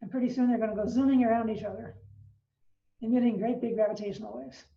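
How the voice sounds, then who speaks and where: An older woman lecturing on astronomy, patient and explanatory, pausing on fillers as she works through each idea. Her voice sits a little high and sounds set back from the mic in a roomy living room. The recording is somewhat dull and muffled. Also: steady tone, gravelly, recorded from a distance. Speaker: astronomy professor giving a lecture. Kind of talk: informal online science lecture.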